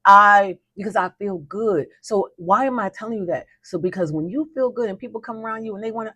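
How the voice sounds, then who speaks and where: A woman's voice: medium pitch, a little fast, hardly any pauses, bright, forceful tone, slightly rough, dry recording. A woman hosting a weekly motivational talk, speaking emphatically and repeating her declarations in a folksy, spirited way. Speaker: host.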